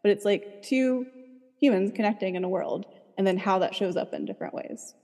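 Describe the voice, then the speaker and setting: A woman's voice: mid-range voice, fairly quick, mellow, big-room sound. A woman therapist talking casually in an interview, chatty and full of "like.". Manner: chatty, fills speech with "like". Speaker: licensed therapist, guest.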